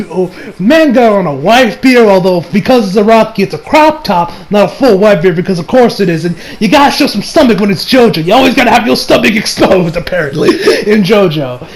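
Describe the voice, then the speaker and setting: A man's voice: sits high, expressive, a little fast, hardly any pauses, low-quality recording. A young man giving a casual, rambling anime review, full of slang and frequent laughter.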